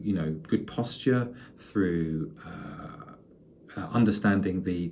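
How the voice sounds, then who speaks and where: A man with a low voice gives a music lecture to students. He talks in a relaxed, conversational way, full of fillers and restarts. His tone is mellow, with a faint hum of noise behind him.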